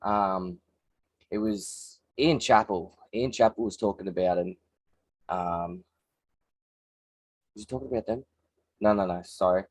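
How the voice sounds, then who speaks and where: A man's voice: sits low, measured pace, pauses often, no room sound. A man co-hosting a casual podcast chat, telling stories in a laid-back, slangy way. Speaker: podcast co-host. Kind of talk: casual chat over beers.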